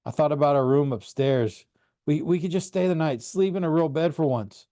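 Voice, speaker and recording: A man reading a first-person story aloud in an earnest, animated way. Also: a little high, moderate pace, dry recording. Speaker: audiobook reader. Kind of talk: first-person audiobook narration.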